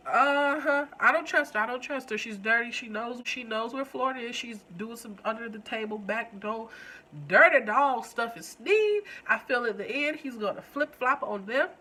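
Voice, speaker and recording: A woman with a stuffed-up nose giving a playful, animated recap review of a TV episode. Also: fairly high pitch, normal speed. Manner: animated and playful, with slangy asides. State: stuffed up with a cold. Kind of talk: casual recap vlog.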